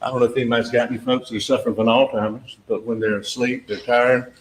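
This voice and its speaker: A man's voice: medium pitch, little pitch movement, fast talker. Emphatic man arguing to a jury. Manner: emphatic, repetitive, talks directly to jurors, acts out witness exchanges. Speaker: trial attorney addressing a jury. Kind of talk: courtroom closing argument. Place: courtroom. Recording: echoey courtroom audio with faint background noise.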